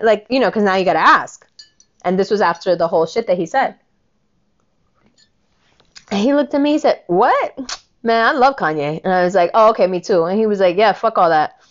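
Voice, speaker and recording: Angry woman in her 40s ranting, swears a lot, does little voices for people in her story, kinda muffled lo-fi sound. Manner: profane, animated, quotes people in lowered voices. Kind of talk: casual ranting monologue.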